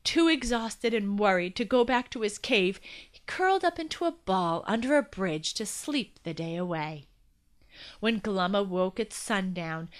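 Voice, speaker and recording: Slow, expressive woman storyteller. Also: medium pitch. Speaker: storyteller and podcast host. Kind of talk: scripted children's story narration.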